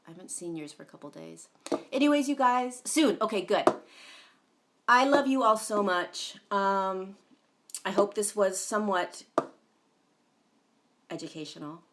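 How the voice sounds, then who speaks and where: A woman's voice: mid-range voice, unhurried, long pauses, fairly bright tone, slight background noise. A woman hosting a casual livestream, chatting in a rambling way with many fillers, greeting viewers by name and swearing now and then. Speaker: livestream host.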